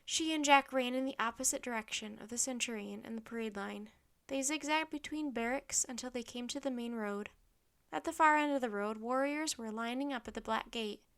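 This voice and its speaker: A woman reading a children's chapter book aloud in a steady, clear narration. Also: a little high, fairly quick. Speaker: storybook narrator.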